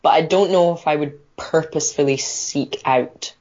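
A woman on a casual podcast making wry, quick asides. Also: low voice, a little mellow, muffled recording. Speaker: podcast co-host.

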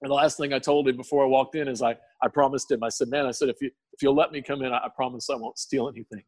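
A man giving an emotional personal testimony in a podcast interview, tearful, earnest and halting, with many restarts. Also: mid-range voice, fairly even intonation, a little mellow, no room sound. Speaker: guest sharing testimony.

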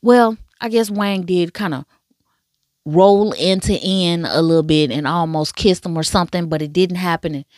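Animated woman reviewing a drama. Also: lowish voice, moderate pace, no room sound, studio quality. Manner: animated, slangy storytelling with many asides. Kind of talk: casual chat reviewing a drama.

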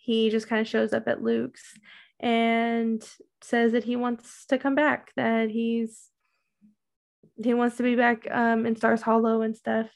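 A woman's voice: on the high side, completely flat delivery, slow pace, vocal fry. A woman co-hosting a podcast, recapping a TV show in casual chat, rambling with many "um"s and "like"s. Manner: rambling, many fillers and likes. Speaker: podcast co-host.

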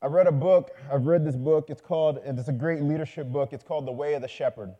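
High-voiced, mellow male preacher. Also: fast, highs cut off. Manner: storytelling, conversational, rising to fervent calls. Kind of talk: sermon.

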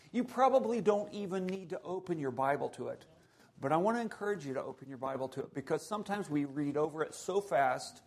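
A man's voice: fairly high pitch, breathy edge. A middle-aged man, a missionary guest preacher, giving a conversational sermon to a congregation with asides and jokes. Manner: conversational preaching, animated and joking.

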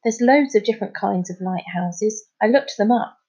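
A woman's voice: medium pitch, moderate pace, dark tone, slightly rough. A woman reading as Amir, a kind young boy. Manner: kind, matter-of-fact. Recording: slightly muffled recording.

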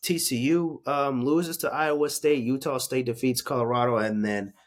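In a mid-range, steady voice at a moderate pace, a young man runs a casual sports recap full of swearing. His rant lurches between heated anger and deflated muttering.

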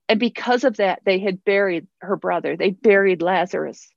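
A woman's voice: medium pitch, normal speed, gravelly, dry recording, dull audio. A woman pastor preaching a sermon in an earnest way, repeating phrases for emphasis.

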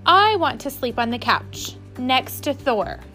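A woman's voice: high-pitched, big pitch swings, measured pace, sharp tone, faint music behind, heavily acted. A woman voicing a stubborn young boy who pleads and bargains, reading a storybook aloud. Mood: pleading.

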